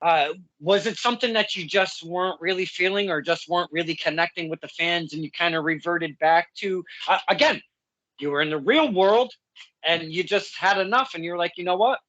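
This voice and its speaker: A man's voice: high voice, moderate pace, bright, forceful tone, no echo, dull audio. A man hosting a casual interview, rambling and chatty with lots of fillers and self-corrections. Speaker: podcast host.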